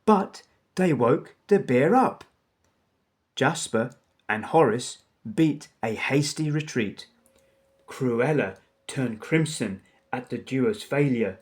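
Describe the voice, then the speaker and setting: A man narrating a children's storybook aloud in a measured storytelling manner. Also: medium pitch, expressive.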